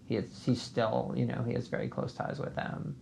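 A man's voice: medium pitch, steady tone, moderate pace, mellow, slight background noise. A man hosting a podcast, reading the outro and credits, then chatting loosely about the topic. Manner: reads credits smoothly, then chats loosely with many fillers. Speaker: podcast host. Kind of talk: podcast outro and casual commentary.

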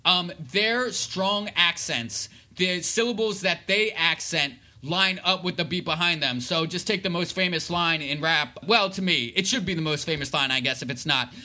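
A man's voice: on the high side, normal speed, hardly any pauses, bright, forceful tone. A man, an author, explaining ideas in an interview, talking through examples with many fillers. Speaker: author and guest.

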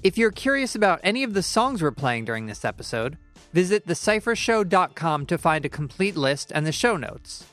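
A man hosting a podcast in a studio, reading a measured scripted introduction. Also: on the high side, very animated, a bit bright, soft background music. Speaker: podcast host. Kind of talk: scripted intro, then interviewing. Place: recording studio.

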